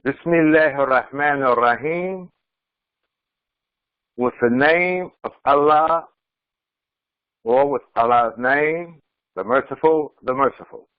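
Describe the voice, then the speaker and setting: A male imam gives an unhurried, deliberate scripture commentary, reciting a line and then translating it piece by piece. His voice is close and dry, with a slightly muffled, dull recording quality. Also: mid-range voice, dry recording. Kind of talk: Quran commentary lesson.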